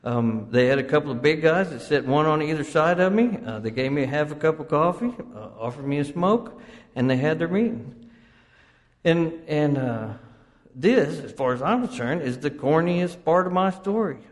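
A man's voice: on the high side, expressive, moderate pace. A man telling his own story to a recovery group, rambling and self-mocking, with frequent laughs and restarts. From Oklahoma, US. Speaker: recovery meeting speaker. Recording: long reverb from a hall.

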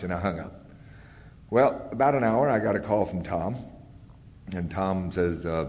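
A man's voice: on the low side, fairly even intonation, normal speed. Folksy man telling his story in a hall. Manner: folksy, plain-spoken, many "uh" fillers and repeated words. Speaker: speaker sharing his recovery story. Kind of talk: personal storytelling to an audience. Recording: long reverb from a big hall.

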